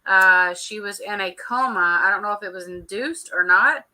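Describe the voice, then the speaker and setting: A woman, co-hosting a casual live chat and telling animated stories to viewers. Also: medium pitch, normal speed, poor audio. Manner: chatty, animated storyteller, warm toward viewers. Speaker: co-host.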